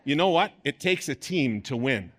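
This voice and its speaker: A man preaching a sermon to a congregation, animated and playful, with bursts of sports-commentator delivery. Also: on the high side, normal speed. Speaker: pastor.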